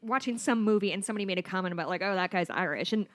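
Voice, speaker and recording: A woman's voice: mid-range voice, very fast. Chatty woman podcast host from Chicago. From Chicago, USA. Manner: chatty, asks long framing questions. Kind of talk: casual interview chat.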